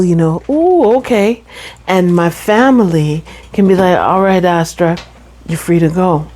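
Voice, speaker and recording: Slow-spoken low-voiced woman reflecting. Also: dark tone, rough recording. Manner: slow, thoughtful, with quick bursts and light laughs. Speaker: brain injury survivor sharing her story. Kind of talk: reflective personal talk.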